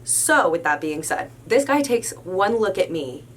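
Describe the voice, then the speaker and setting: Young woman, casual storytime, animated and emphatic, faint background hiss. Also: medium pitch, unhurried. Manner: animated, emphatic retelling with many "like"s. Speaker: storyteller recounting a work incident.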